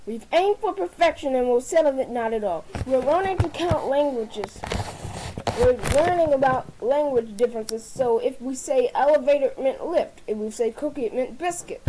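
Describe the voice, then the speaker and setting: High-voiced woman stumbling through a comic toast. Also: mellow, a little hiss or hum, rough recording. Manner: stumbles and restarts words often. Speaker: speaker giving a dinner toast. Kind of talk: comedic formal toast.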